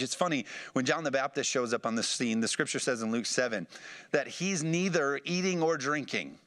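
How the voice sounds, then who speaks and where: A man preaching a sermon, animated and calling for responses from the congregation. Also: mid-range voice, fairly quick. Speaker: pastor.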